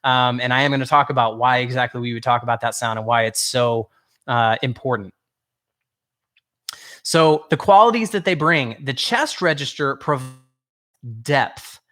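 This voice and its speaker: Running a singing workshop, a vocal coach speaks to his listeners head-on in a mid-range, somewhat bright voice. His explanations are patient, but he often breaks off mid-word to correct himself.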